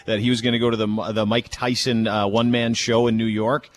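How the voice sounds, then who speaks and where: A man's voice: mid-range voice, little pitch movement, brisk. Wisecracking male radio host. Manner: joking, wisecracking. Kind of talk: casual radio banter.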